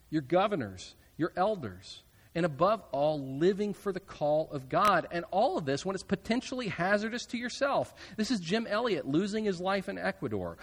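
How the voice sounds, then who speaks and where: A man preaching a sermon, earnest with casual asides, trailing off softly at the ends of phrases. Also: high-pitched, long reverb tail. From United States. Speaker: pastor.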